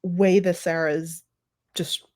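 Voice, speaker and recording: A woman's voice: fairly low pitch, little pitch movement, slow pace, a little mellow, dry recording, clean studio sound. A woman with a Scottish accent, chatting enthusiastically as a podcast co-host and asking an author questions. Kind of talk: casual chat.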